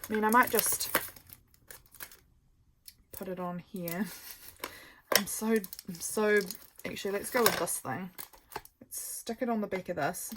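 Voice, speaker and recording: Over background noise, a woman with a medium-pitched voice speaks at a measured pace, with long pauses. She's a vlogger doing a craft project, casually thinking aloud, wandering off topic, and making self-deprecating jokes about her mistakes.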